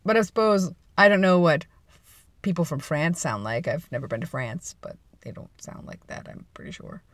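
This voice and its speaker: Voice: mid-range voice, big pitch swings, normal speed, fairly bright tone, no echo. A vlogger chatting casually and playfully from inside a parked car, rambling and laughing at their own jokes. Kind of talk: casual chat.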